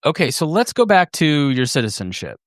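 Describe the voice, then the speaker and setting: A man's voice: on the high side, very animated, brisk, no room sound, clean studio sound. A man hosting a podcast interview, asking loose, casual questions with restarts. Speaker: podcast host. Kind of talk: conversational interview.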